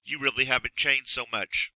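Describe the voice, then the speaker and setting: A man's voice: mid-range voice, fairly even intonation, moderate pace, sharp tone, no room sound, rough recording. A man doing a sad, earnest young boy. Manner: pleading and plaintive.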